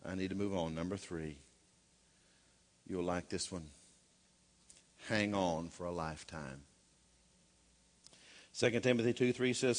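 A man's voice: low voice, a little slow, pauses often. A middle-aged man preaching a sermon in a folksy way, with joking asides and rhetorical questions. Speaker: pastor.

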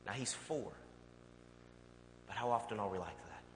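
A male pastor preaching a sermon and telling a personal story in a conversational, animated way. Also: fairly low pitch, normal speed. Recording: long hall reverb, faint hum.

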